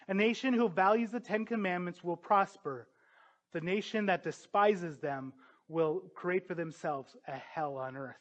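A man preaching a sermon, earnest and emphatic, building to forceful peaks. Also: on the high side, dull audio.

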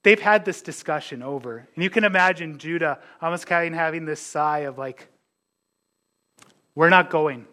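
Man, high voice, pastor preaching, animated sermon, acts out the characters' lines, chatty asides. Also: fairly quick, few pauses. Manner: conversational, restarts and asides.

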